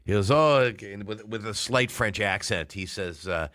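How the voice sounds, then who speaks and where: A man's voice: deep voice, fairly quick, few pauses, fairly bright tone, no echo, studio quality. A middle-aged man co-hosting a podcast, telling a long, rambling anecdote in casual chat. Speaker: podcast co-host.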